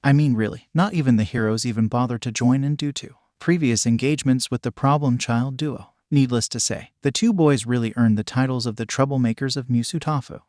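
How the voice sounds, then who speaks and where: A man narrating a comic fan fiction with brisk, matter-of-fact storytelling and wry asides. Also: medium pitch, a little mellow, no echo, clean studio sound. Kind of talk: reading a fan fiction aloud.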